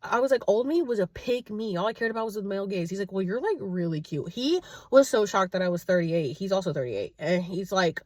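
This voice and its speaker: A woman in her late thirties, casually telling a story to her followers, animated and chatty, acting out both sides of a conversation. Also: mid-range voice, a little fast, few pauses, dry recording, studio quality. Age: 30s. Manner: chatty, animated retelling with quoted dialogue. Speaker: vlogger. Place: at home, indoors.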